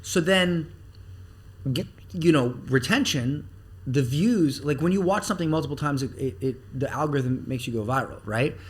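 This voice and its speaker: Guy on a podcast, kinda high voice, blunt and animated, swears a bit. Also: normal speed, husky. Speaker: guest marketer. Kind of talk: casual podcast interview.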